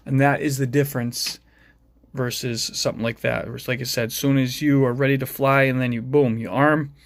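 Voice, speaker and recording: A man's voice: mid-range voice, steady tone, a little fast, no echo. A man talking casually about his small racing drone build, rambling and mumbling with self-deprecating asides. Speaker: FPV drone hobbyist showing his build. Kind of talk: casual rambling tech vlog.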